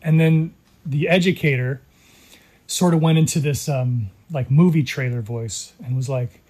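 A middle-aged man from California, telling his story in an earnest, measured way as an interview guest. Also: mid-range voice, a little mellow, slightly rough. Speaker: guest, documentary creator. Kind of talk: interview conversation.

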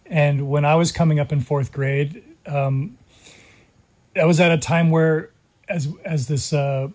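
A middle-aged man from California, telling his story in an earnest, measured way as an interview guest. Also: on the high side, a little mellow. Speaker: guest, documentary creator. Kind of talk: interview conversation.

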